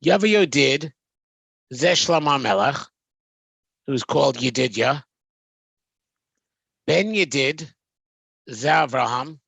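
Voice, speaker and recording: A man's voice: medium pitch, animated, slow pace, vocal fry, pauses often, a bit bright, breathy edge, no room sound. Hesitant man translating text aloud. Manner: reads Hebrew phrases then translates, hesitant with frequent ums. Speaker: Torah teacher. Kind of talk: text-study lecture.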